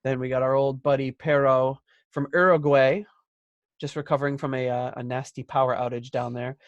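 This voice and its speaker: A man's voice: medium pitch, level tone, moderate pace, no room sound, highs cut off. Chatty man on a dry mic. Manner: chatty, joking, reads out listener posts. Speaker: podcast co-host. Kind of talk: casual chat.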